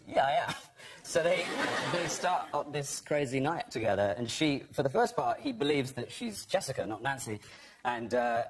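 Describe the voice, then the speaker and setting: Animated male actor telling anecdotes. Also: medium pitch. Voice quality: animated, hesitant restarts. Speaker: actor guest. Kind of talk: talk show anecdote.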